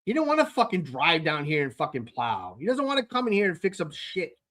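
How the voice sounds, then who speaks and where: A man with a slightly husky voice, pitched a little high for a man, rants through a story on his own show. He sounds exasperated and swears heavily, often tripping over and repeating his words as he goes. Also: huge pitch swings, a little fast, a bit bright. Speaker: podcast host. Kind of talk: casual ranting monologue.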